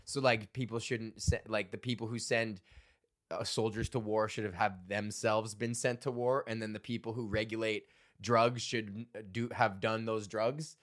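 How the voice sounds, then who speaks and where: A man's voice: fairly low pitch, steady tone, moderate pace. A man in his thirties hosting a solo comedy podcast, reading out old jokes, rambling and swearing, laughing at his own material.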